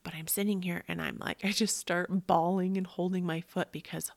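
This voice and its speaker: A woman in her thirties hosting a podcast, telling a personal story in an animated way, with gasps and acted-out quotes. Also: lowish voice, normal speed, creaky, no room sound. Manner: animated, gasping, acts out quotes. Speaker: podcast host.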